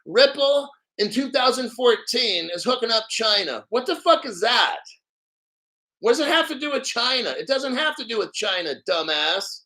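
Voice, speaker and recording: A middle-aged man hosts a crypto livestream in an angry rant, swearing freely and mocking viewers. His voice sits high for a man and rings bright and tense. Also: expressive, normal speed. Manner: profane, combative, mocking viewers. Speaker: crypto channel host.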